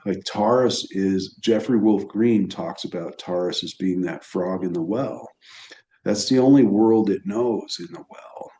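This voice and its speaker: Male astrologer, low voice, unhurried, halting, thinks aloud. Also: darkish tone, rough recording. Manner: halting and reflective, many restarts. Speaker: evolutionary astrologer. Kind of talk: unscripted solo talk on astrology.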